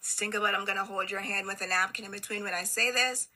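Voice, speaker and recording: Woman, commentary host, sarcastic, quippy, very bright tone, mid pitch. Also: fairly even intonation, fast talker, rough recording. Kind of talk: reaction commentary.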